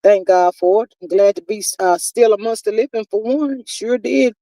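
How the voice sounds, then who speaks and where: A woman's voice: mid-range voice, normal speed, no echo, poor audio. A woman hosting a casual livestream, reading out chat comments with sass, calling people honey and child, a little stuffy from her sinuses. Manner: sassy, animated, drawls terms like honey and child. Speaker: livestream host.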